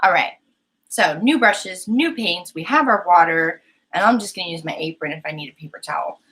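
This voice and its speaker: A woman's voice: on the low side, animated, brisk, a bit bright, poor audio. A young woman hosting a painting live stream, chatting casually and giggling as she talks to her chat. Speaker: painting livestream host.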